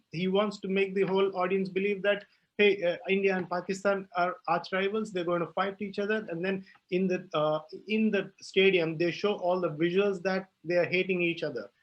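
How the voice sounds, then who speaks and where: A man's voice: high voice, steady tone, fairly quick, dull audio. A young man speaking on a panel, passionate and emphatic, with many fillers and restarts. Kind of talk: panel discussion.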